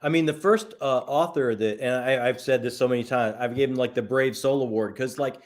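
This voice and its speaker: A man chatting as a guest on a book live stream, enthusiastic and halting, with many restarts. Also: medium pitch, slight background noise. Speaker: guest, fellow book reviewer. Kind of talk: casual live-stream chat.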